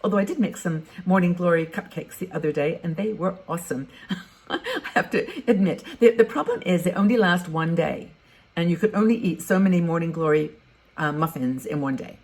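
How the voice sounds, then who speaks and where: Briskly and in a fairly low, slightly mellow voice, a sixty-something woman advises retired women in her casual vlog. Her manner is frank and conversational, as if she's thinking aloud.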